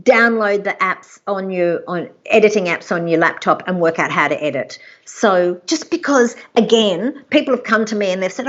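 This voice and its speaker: A woman, an executive producer giving chatty, animated career advice in a live interview. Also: medium pitch, normal speed, few pauses, muffled recording. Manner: chatty, animated, acts out quoted people.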